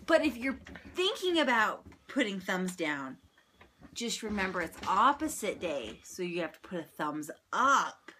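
A woman's voice: medium pitch, very animated, unhurried, bright, forceful tone, a little hiss or hum. A young woman and mother co-hosting a casual family vlog, easygoing and playful, adding short comments.

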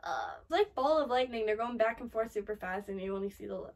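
A high-voiced woman reacts to an anime episode as she watches it, excitable and fretful, swinging between gasps, swearing and cheering. She sits a little back from the mic, so her voice sounds slightly distant. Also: fast talker. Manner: excitable, gasps and frets aloud, swears often. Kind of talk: live anime reaction commentary.

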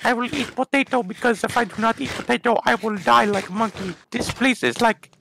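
A man doing a high, gravelly silly kid voice. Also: fairly quick, noisy background. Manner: broken, childlike grammar and silly non-sequiturs. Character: naive, rambling young boy playing a video game. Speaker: game commentator. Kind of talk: comedic gameplay commentary.

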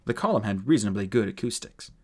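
Male audiobook narrator with a low voice and a lively, animated read. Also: quick pace, breathy edge. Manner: lively, expressive reading.

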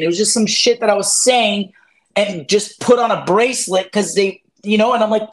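A man in his thirties, raised by immigrant parents, speaks in a high, expressive voice at a normal pace. He's an interview guest and former reality show contestant, rambling casually and profanely with lots of fillers and acted-out quotes.

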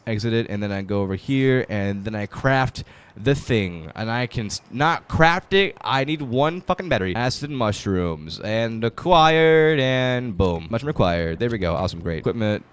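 Excitable young man, lively swearing gamer. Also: lowish voice, normal speed, smooth. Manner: profane, jokey, swings from mumbling to yelling. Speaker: gaming YouTuber. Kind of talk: let's-play commentary.

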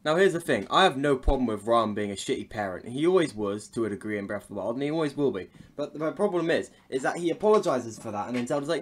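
A man's voice: medium pitch, lively intonation, fast talker, hardly any pauses. A young man giving a casual, sweary, sarcastic video game review. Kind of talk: casual ranting commentary.

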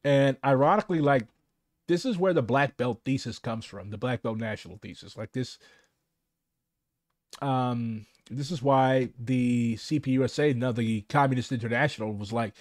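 A young man from Missouri giving casual livestream commentary, ranting in a profane, animated way. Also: medium pitch, moderate pace, no echo, studio quality. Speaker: streamer.

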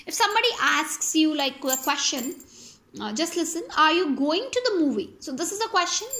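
High bright-voiced woman teaching grammar slowly. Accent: Indian English. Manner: slow, explaining step by step with examples. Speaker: English teacher. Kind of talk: grammar lesson.

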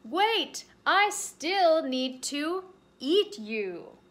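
Hungry stubborn bear read by a woman, slow and drawn out, fairly high. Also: sing-song, exaggerated voice. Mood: insistent.

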